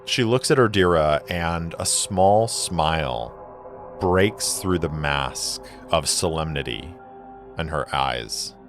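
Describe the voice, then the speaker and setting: A man with a very low voice narrates a solo tabletop game in slow, deliberate storytelling. He lingers over each scene, and faint music plays underneath. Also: animated.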